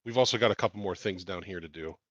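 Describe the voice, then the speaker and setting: Player, deep, casual and playful, muffled dry mic sound. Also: male voice, fast talker, a bit bright, dry recording. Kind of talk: casual tabletop play.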